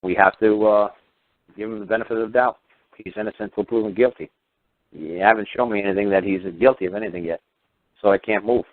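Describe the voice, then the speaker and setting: Man, radio host, rapid heated rant, low voice, sarcastic questions, dry phone-line sound. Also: steady tone, no echo. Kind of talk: ranting radio monologue.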